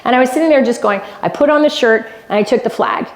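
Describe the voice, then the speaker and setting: A woman's voice: a little high, quick pace, echoey room. A woman from Canada giving a motivational keynote, telling a personal story with emphatic repetition. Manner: emphatic storytelling, repeats lines for effect. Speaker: keynote speaker. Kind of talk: motivational speech. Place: golf club event hall.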